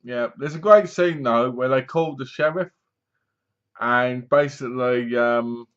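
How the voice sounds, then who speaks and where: A man's voice: mid-range voice, measured pace, a bit bright, clean tone. Chatty man reviewing a horror film. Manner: rambling, chatty retelling with asides. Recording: dull lo-fi recording.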